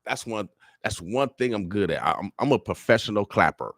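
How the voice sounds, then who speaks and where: A man's voice: on the low side, lively intonation, a little fast, gravelly, noisy background. A man giving a fiery, preacher-like radio monologue full of repeated phrases. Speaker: radio show guest speaker.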